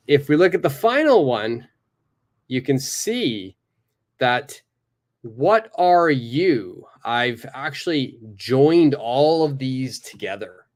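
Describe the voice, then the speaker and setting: A man teaching a live online English lesson, encouraging and repeating phrases slowly for learners at his computer. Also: medium pitch.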